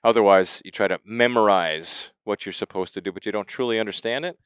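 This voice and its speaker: A man's voice: on the low side, a little fast, clear, resonant tone, no room sound, studio quality. A man hosting a podcast, interviewing his guest in an easygoing, agreeable way. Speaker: podcast host. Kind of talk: casual podcast conversation. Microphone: studio podcast mic.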